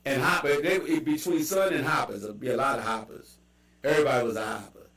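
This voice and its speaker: A man's voice: medium pitch, recorded from a distance. A man with a Baltimore accent talks loosely and animatedly, jumping between stories and asides. He sits a little off the mic, and the room gives his voice a roomy echo. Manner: animated storytelling with quick asides and laughs. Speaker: podcast host. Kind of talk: casual chat.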